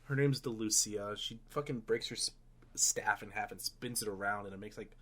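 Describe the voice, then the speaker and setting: A man's voice: on the low side, normal speed, sharp tone. A young man co-hosting a casual movie-riffing podcast, trading sarcastic, profane asides. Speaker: podcast co-host.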